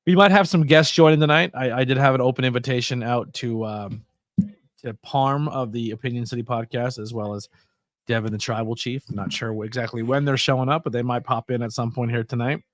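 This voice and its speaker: A man with a mid-range voice talks a little fast on a casual wrestling-watching livestream, with studio-quality audio and no echo. Laid-back and yawning sleepily, he chats loosely and laughs along with his own stories.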